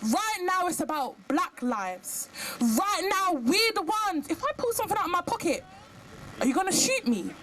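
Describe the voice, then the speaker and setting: A young woman giving an impassioned speech at an outdoor protest in the rain, firing off emphatic rhetorical questions. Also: very high voice. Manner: rhetorical questions, emphatic, sings a short verse. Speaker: protest speaker. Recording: outdoor recording with street noise.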